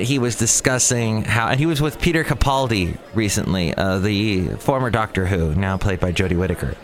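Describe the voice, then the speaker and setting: A man's voice: medium pitch, fairly bright tone. A man hosting his own show, talking in a rambling, chatty comic monologue with self-mocking asides. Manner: chatty, self-mocking, swings into impressions and exclamations.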